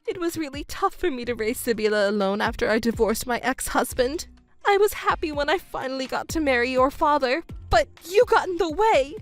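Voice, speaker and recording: A woman's voice: animated, brisk, soft background music. A woman voicing a selfish, whiny middle-aged stepmother who pleads and complains in a texting story. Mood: resentful. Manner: shrill, pleading and self-pitying.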